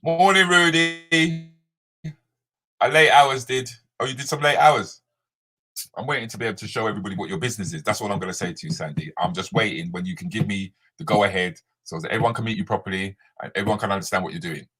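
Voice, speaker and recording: Fairly low-pitched yet bright, slightly rough and fast, this man hosts a live chat as a comedian, reading out comments on a casual stream. His joking banter calls viewers by name and drifts into Jamaican patois.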